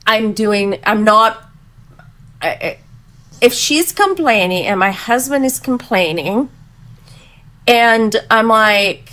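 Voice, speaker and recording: A woman's voice: fairly high pitch, lively intonation, slow pace, pauses often, a bit bright. A woman in her forties hosting a casual panel chat, telling a candid story. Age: 40s. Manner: candid storytelling, acts out quoted voices. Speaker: podcast panel host.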